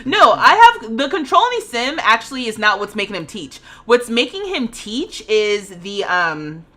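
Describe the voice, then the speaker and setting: A woman in her thirties streaming a life-sim game, ranting dramatically with loud outbursts and laughter, then settling into explanations for her chat. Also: fairly high pitch, sing-song, moderate pace. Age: 30s. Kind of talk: livestream gameplay commentary.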